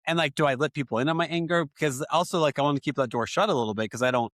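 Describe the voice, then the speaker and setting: A man's voice: on the high side, very fast, fairly bright tone, no echo, studio quality. A man hosting a podcast about fatherhood, talking reflectively and acting out little quoted moments with his kids. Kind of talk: casual podcast conversation.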